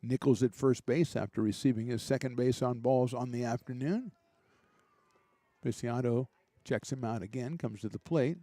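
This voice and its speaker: A man doing relaxed, chatty play-by-play commentary for a college baseball game, with small asides and jokes between pitches. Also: moderate pace, no room sound. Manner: relaxed, chatty, lightly joking between pitches, rising excitement on big plays. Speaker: play-by-play announcer.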